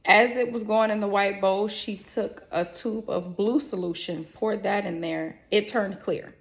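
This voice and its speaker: A young woman narrates a personal story in a loose, chatty vlog voice with a strong gravelly fry. She talks with lively, animated delivery, swears casually and slips into other people's voices. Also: mid-range voice, unhurried.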